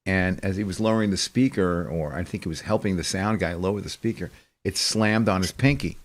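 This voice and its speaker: A man's voice: low-pitched, brisk. A man hosting a show, telling rambling stories in casual chat and laughing often. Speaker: show host.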